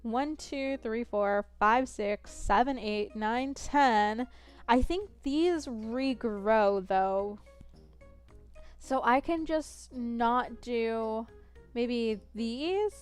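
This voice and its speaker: A woman's voice: a little high, extremely slow, clean tone, faint music behind. A woman in her twenties chatting casually while playing a game, rambling, counting aloud and poking fun at herself. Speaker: gaming streamer.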